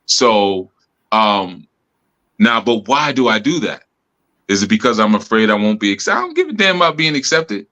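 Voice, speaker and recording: A man with a low, deep bass voice that carries a bright, forceful edge. He talks in a relaxed, reflective way, working through ideas aloud with frequent "you know" asides. He sounds like someone speaking on a live stream. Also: normal speed, highs cut off. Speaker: spiritual teacher and host. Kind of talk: casual teaching talk. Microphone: live stream mic.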